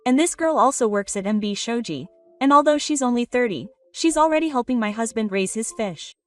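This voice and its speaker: A woman's voice: fairly high pitch, animated, fairly quick, far from the mic, faint music behind, natural voice. A woman voicing an arrogant older man who runs a company and talks down to others. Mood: patronizing. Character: arrogant older father-in-law, company boss.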